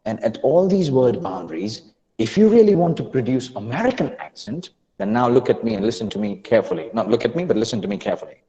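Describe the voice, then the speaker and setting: A man's voice: medium pitch, fast talker, in a large hall, dull audio. A man teaching pronunciation in an online lesson, coaxing his students and often restarting his sentences. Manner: animated, coaxing, with repeated restarts. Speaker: accent and pronunciation trainer.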